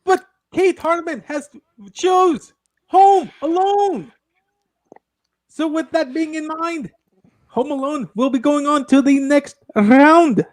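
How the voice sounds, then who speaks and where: A man with a high voice runs the vote like a pretend lord, slow and ceremonious. His sound is close and dry, with no room around it. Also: dry recording. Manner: mock-formal, slow announcing. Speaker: tournament moderator, self-styled lord. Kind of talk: casual podcast chat with mock-regal announcing.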